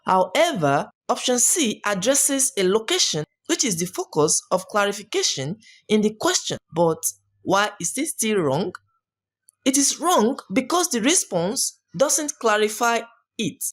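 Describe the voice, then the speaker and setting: A woman giving a scripted English exam-prep lesson, explaining each point clearly and step by step. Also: medium pitch, sing-song, a little slow. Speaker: English teacher.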